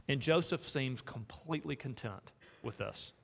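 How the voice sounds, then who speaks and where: A man delivers a sermon from the pulpit, earnest and personal, often turning to ask his listeners pointed questions. His voice sits slightly high for a man. It rings out in a church with a long, trailing reverb. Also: expressive, moderate pace, a bit bright. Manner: earnest, asks the congregation direct questions. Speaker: pastor. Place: church sanctuary.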